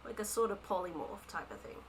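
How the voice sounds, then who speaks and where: A woman's voice: mid-range voice, fast talker, low-quality recording. Hesitant woman game master narrating a tabletop session over faint hiss. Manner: hesitant, with frequent fillers.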